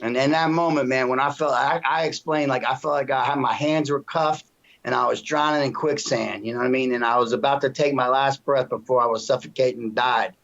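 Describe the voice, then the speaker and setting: A man's voice: mid-range voice, fairly even intonation, fairly quick, a bit bright. Earnest middle-aged man, dull lo-fi recording. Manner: earnest, emotional, with frequent restarts and "you know what I mean". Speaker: interview guest. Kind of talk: personal testimony in casual conversation. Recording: dull lo-fi sound.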